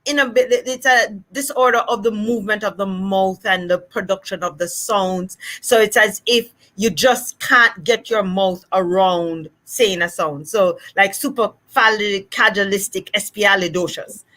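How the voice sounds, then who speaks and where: Bright-voiced woman explaining speech therapy. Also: medium pitch. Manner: patient teacherly explaining, drills sounds slowly. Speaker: speech-language pathologist guest. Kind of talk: explanatory live chat.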